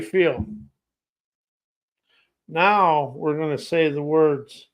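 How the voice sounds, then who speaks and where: A man's voice: a little high, takes it slowly, long pauses. A man hosting a podcast, delivering a rhythmic, poetic motivational monologue full of listed words. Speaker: podcast host. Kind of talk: spoken-word motivational monologue.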